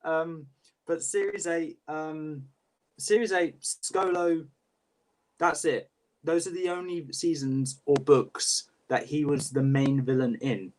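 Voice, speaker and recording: Young man, slightly high pitch, casual co-host chat, halting, many fillers. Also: darkish tone. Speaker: co-host ranking books.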